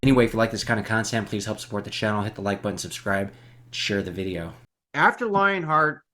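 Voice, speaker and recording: A man's voice: on the low side, expressive, bright, forceful tone. A man hosting an interview, asking long questions and dropping in short agreements. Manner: asks long questions, quick short backchannels. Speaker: host, interviewer.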